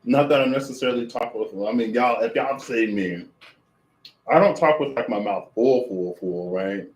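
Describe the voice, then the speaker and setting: A man's voice: medium pitch, moderate pace. Rambling man chatting in an echoey kitchen. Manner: rambling, self-amused, talks with mouth full. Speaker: streamer. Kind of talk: casual livestream chat while cooking and eating.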